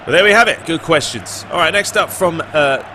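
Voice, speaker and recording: A young British man talks through viewer questions in a loose, meandering way, with plenty of "you know" and "uh". His voice sounds bright, with a light hiss of background noise. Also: a little high, a little fast. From Britain. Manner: relaxed, rambling, lots of "you know" and "uh". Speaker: gaming YouTuber. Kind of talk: casual Q&A chat.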